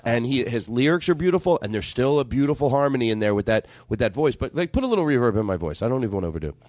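Rambling, animated male comedy host. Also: mid-range voice, very fast, dry recording, clean studio sound. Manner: rambling, self-deprecating, trips over words. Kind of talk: casual comedic chat.

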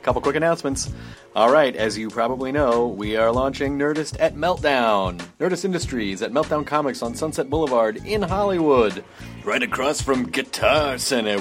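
Casual man rattling off podcast announcements. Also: mid-range voice. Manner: casual, rambling, joking asides. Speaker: podcast host.

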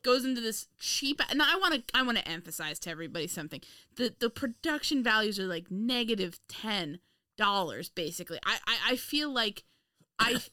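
Woman co-host, sarcastic riffing, lively swooping pitch, dry close sound. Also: a little fast, no room sound. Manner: animated, sarcastic, laughs often. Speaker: podcast co-host. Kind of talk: casual chat.

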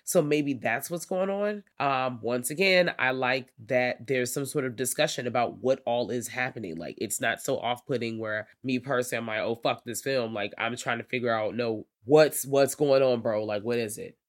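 Animated, swearing podcast co-host. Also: normal speed, hardly any pauses. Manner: animated, profane, leaps high when acting out reactions. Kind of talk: casual film review chat.

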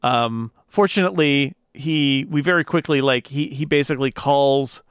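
A man's voice: mid-range voice, normal speed, a bit bright, clean tone, no room sound. A man co-hosting a podcast, chatting casually about a film in a rambling, wry, self-correcting way on a close mic. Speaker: podcast co-host.

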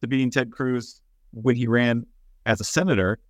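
A man from Texas co-hosting a casual political chat, explaining things in a plain-spoken, steady way with fillers. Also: mid-range voice, moderate pace, dry recording.

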